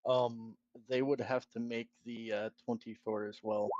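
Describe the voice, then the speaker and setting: A man playing a tabletop game, talking in a relaxed, hesitant way. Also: medium pitch, a little slow, dry recording, muffled recording. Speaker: player.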